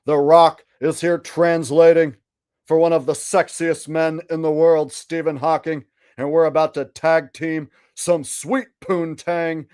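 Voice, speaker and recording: A man doing an impression of a boastful male wrestler, hyping in a loud, drawn-out voice with a sung catchphrase. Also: fairly high pitch, level tone, smooth, close to an everyday voice.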